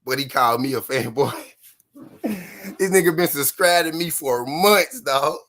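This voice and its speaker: Man, stream host, fairly high voice, mocks chatters, laughs a lot. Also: unhurried, fairly bright tone, a little hiss or hum. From Memphis, Tennessee, US. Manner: taunting, mocking, laughs often, repeats lines. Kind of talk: live-stream banter with chat.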